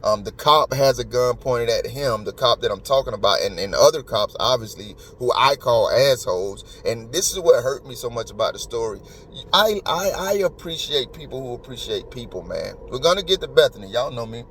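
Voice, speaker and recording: A man's voice: medium pitch, lively intonation, normal speed, hardly any pauses, fairly bright tone, a little hiss or hum. A man hosting a podcast, talking in an emotional, emphatic and rambling way. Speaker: podcast host. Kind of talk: casual commentary.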